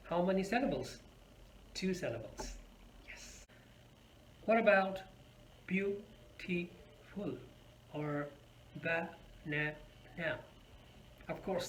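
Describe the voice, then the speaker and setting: A man teaching pronunciation in a video lesson, patient and slow when he demonstrates words. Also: a little high, a bit bright, a little hiss or hum. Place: Calgary area, teaching students.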